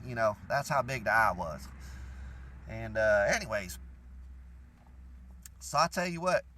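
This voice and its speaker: A young Louisiana vlogger with a Cajun accent rambles through a profane story in a casual rant to his viewers. His voice is lowish but swings widely in pitch, unhurried, bright, and forceful, with a little hiss or hum in the background.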